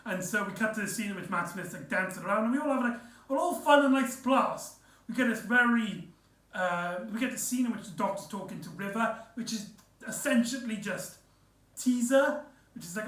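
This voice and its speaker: A man's voice: sits high, normal speed, bright, forceful tone. A man recapping an episode in a casual, rambling way, full of fillers and restarts. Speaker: reviewer. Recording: echoey room, off-mic.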